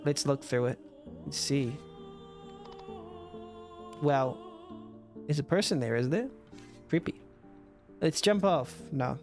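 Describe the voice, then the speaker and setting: A man commenting on a game in a livestream as a judge, rambling and self-mocking. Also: on the high side. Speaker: game jam judge and streamer. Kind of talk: let's play livestream commentary.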